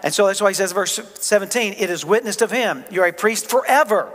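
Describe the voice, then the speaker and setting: A man's voice: sits high, brisk, fairly bright tone. A man with a Southern American accent, preaching a sermon as the pastor of his church in a conversational, joking way. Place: church sanctuary. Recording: long hall reverb.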